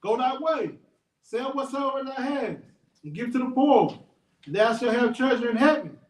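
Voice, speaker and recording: A man with a very high voice reads scripture aloud in steady, measured phrases. The sound is roomy and echoey, and he is heard from some distance away from the mic. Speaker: scripture reader. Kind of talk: reading the King James Bible aloud.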